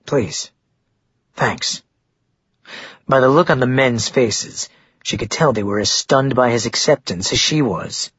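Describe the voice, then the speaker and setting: A man with a husky voice reading a novel in even, measured narration. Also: medium pitch, dry recording. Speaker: audiobook narrator. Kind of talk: scripted narration. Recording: dry, dull lo-fi recording.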